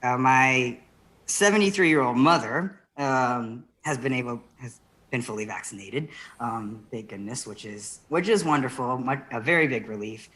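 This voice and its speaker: Rambling, giggly comedian. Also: female voice, rumbling low, normal speed. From Philippines. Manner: rambling, giggly, laughs mid-sentence; trails off into soft, quiet asides. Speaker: stand-up comedian. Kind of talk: virtual stand-up set. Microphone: video call.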